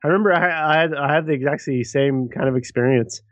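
A man, co-hosting a podcast and telling stories in an animated, profane way. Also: on the high side, fairly quick, dry recording, muffled recording. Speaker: podcast co-host. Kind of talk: casual chat.

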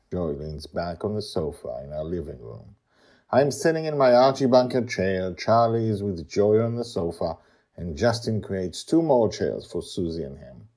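Playful, animated male storyteller. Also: sits low, measured pace, breathy edge. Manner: playful and theatrical, with sing-song interjections. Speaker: podcast host and storyteller. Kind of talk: read-aloud fantasy storytelling.

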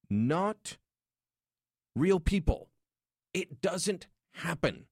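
Animated talk radio host. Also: male voice, on the high side, slow pace, pauses often, no echo, studio quality. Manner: animated, joking, opinionated. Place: radio studio. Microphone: studio microphone.

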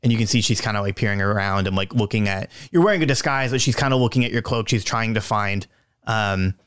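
A man narrating as game master of a tabletop game, relaxed and halting with many pauses. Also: on the low side, clear, resonant tone, dry recording, clean studio sound.

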